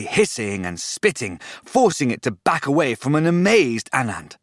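A man narrating a story in an expressive audiobook style. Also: mid-range voice, moderate pace, hardly any pauses, no room sound, studio quality.

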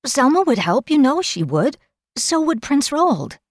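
A woman's voice: fairly high pitch, expressive, takes it slowly, no echo, pitched above the performer's own voice. A woman raises her voice into a stubborn young girl training as a page. The girl speaks urgently and insists firmly. The recording is dry and close. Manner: urgent and firm.

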